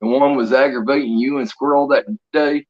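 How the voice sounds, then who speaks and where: A man's voice: medium pitch, fairly even intonation, fairly quick. A man chatting casually on a livestream, laughing often as he tells rambling stories. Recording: dull lo-fi stream audio.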